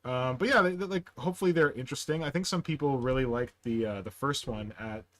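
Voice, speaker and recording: A man hosting a casual video-call chat, telling stories in a chatty, animated way. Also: mid-range voice. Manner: chatty, animated storyteller with quick asides. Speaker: podcast host. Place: in Toronto.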